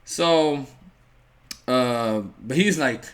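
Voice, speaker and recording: A man's voice: fairly high pitch, normal speed. A man casually telling a personal story in a storytime vlog, with a lot of "like" and acted-out quotes. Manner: animated retelling, filler-heavy with many "like"s; acts out quoted voices of others.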